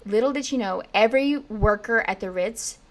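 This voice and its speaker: A woman's voice: mid-range voice, normal speed. Chatty young woman telling a story. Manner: chatty, lots of "like", acts out quotes in lively bits. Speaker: podcast co-host telling a story. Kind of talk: casual storytelling chat.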